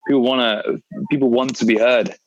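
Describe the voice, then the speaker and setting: A man's voice: medium pitch, fairly even intonation, brisk. A man hosting a fitness podcast, chatting casually and steering the talk with questions. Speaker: podcast host and fitness coach. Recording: dry, slightly muffled audio.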